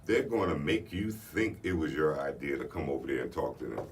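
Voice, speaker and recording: Male co-host, casual chat, very low gravelly voice, laid-back delivery. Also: animated, brisk. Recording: distant mic, faint room noise.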